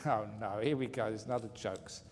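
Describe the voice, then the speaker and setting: A man's voice: fairly low pitch, steady tone, moderate pace, a little mellow. Playful man telling jokes at a retreat. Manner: playful, chuckles at his own jokes. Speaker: meditation teacher. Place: retreat hall. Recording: faint hall reverb, light room noise.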